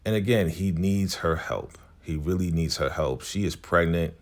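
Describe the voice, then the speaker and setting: Deep-voiced man casually recapping a show. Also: moderate pace. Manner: laid-back slangy retelling, acting out characters' lines.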